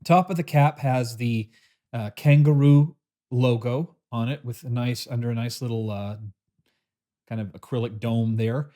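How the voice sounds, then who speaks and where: A man hosting a casual pen review, talking in a relaxed, chatty way with frequent pauses and fillers while he shows the box and pen. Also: mid-range voice. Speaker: pen reviewer, channel host.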